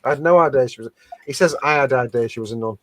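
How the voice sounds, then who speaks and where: A man's voice: medium pitch, rapid-fire. A man co-hosting a casual live stream, reading viewer comments aloud and laughing often. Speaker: co-host reading out viewer captions.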